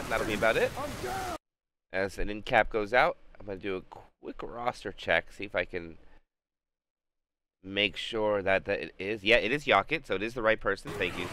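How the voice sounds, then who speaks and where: A man's voice: low-pitched, background noise. A man casting a competitive video game match live on stream, calling plays and chatting with viewers. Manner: hypes big plays, talks to chat between calls. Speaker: esports caster and streamer.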